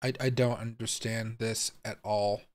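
A man's voice: fairly low pitch, little pitch movement, measured pace. A young man hosting a live stream, thinking aloud in bafflement, swearing and talking straight to his viewers as he clicks around. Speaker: crypto livestream host. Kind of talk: live-streamed casual commentary.

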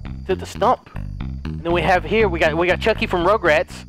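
A young man giving comedic let's play commentary, frantic and pleading, shouting and laughing as he plays. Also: sits high, a little fast, creaky, music in the background. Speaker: gaming video host.

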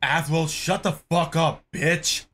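A man with a high, slow-paced voice who calls out over a game clip in a reaction video. He is loud and exclamatory, and he swears freely as he reacts. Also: fairly even intonation, soft background music. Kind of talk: excitable reaction commentary.

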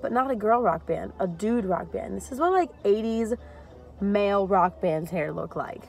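This is a young woman filming her own casual vlog, talking straight into a handheld camera. She's chatty and animated, quick to laugh, with a mid-range voice and music going in the background. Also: mid-range voice, gravelly, low-quality recording. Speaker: fitness vlogger. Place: car, then gym.

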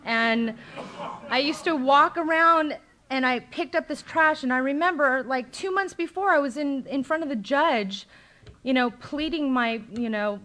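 A woman's voice: high-pitched, measured pace, bright, forceful tone. Candid woman telling her recovery story. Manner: candid, conversational, frequent "um" and "like". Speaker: recovery meeting speaker. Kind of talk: personal recovery story told to a meeting. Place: meeting room, live talk recording.

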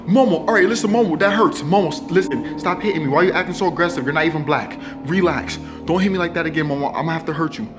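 Young male comic vlogger, fairly high voice, over-the-top skit delivery, music bed underneath. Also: fast, few pauses. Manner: loud, dramatic, swings between pleading and yelling. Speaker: comedy vlogger. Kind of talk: comedy skit.

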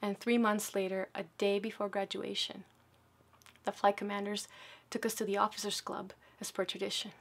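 Sex: woman. Pitch: mid-range. Style: dramatic storytelling speech. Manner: swings between loud bursts and hushed near-whispers. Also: level tone, moderate pace, gravelly. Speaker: storyteller sharing a personal story.

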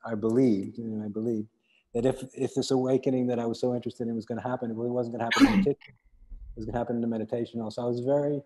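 A man talks in a measured, even manner in a public spiritual dialogue, his pitch barely moving. His voice is mellow and soft-edged, and a long hall reverb trails after each phrase. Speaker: dialogue partner.

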